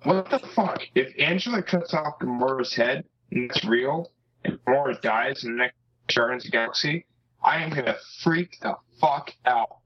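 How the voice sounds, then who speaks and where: A man's voice: mid-range voice, moderate pace, husky. A man co-hosting a casual podcast chat, ranting dramatically and swearing freely, on a dull lo-fi mic.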